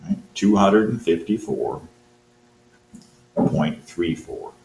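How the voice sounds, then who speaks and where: A man's voice: sits low, lively intonation, takes it slowly, vocal fry, a little mellow. A man teaching math, thinking aloud as he works through a quiz problem and encouraging his students. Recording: roomy with faint hum.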